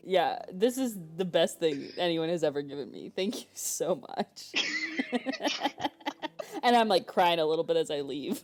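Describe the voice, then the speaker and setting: A woman's voice: lowish voice, lively intonation, measured pace, a little mellow. A woman playing a tabletop role-playing game, talking playfully and laughing often. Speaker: player. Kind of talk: casual tabletop play.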